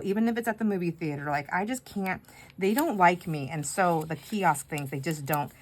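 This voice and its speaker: A woman's voice: on the low side, normal speed, slight background noise. A woman chatting casually while decorating pages, telling a rambling story with asides about her crafting. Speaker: craft vlogger.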